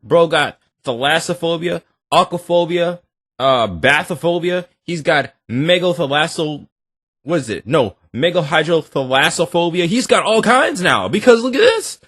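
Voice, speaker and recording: A man hosting a reaction video, talking in animated, joking, slangy banter. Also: a little high, moderate pace, no echo, studio quality. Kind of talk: casual reaction commentary.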